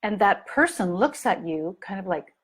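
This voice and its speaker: A woman's voice: mid-range voice, moderate pace, slightly rough. A middle-aged woman coaching parents in a live training talk, telling stories and acting out the people in them. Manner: animated storytelling, acts out scenes in lively voices.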